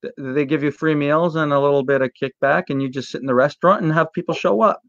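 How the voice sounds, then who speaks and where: A man's voice: on the high side, fast, creaky, a bit bright, dry recording. A man hosting a casual interview, asking questions with jokey asides, over muffled call audio. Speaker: host.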